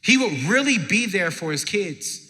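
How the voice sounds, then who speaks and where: Male stage speaker, bright and forceful, emphatic storyteller with dramatic pauses, live in a reverberant hall. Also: fairly high pitch, lively intonation. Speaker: motivational speaker at a parenting event. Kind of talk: live inspirational talk to an audience. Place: large event hall with live audience.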